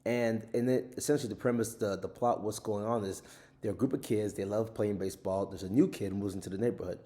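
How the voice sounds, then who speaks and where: A man's voice: lowish voice, quick pace, dark tone. A man hosting a podcast, casually giving an overview of his own book in an earnest way and often adding tag questions. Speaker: author and podcast host.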